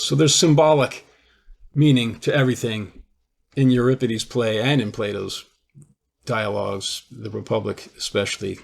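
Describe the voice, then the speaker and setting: A man's voice: medium pitch, fairly even intonation, normal speed, vocal fry, slightly rough. A man with a mid-range voice gives an informal talk explaining his theory. He retells a play conversationally, often restarting his sentences as he goes. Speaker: lecturer.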